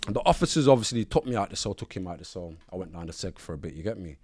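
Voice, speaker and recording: Animated man telling stories. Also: low voice, racing. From Nottingham, England. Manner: animated, slang-heavy, acts out quoted voices. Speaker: podcast guest. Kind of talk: casual storytelling.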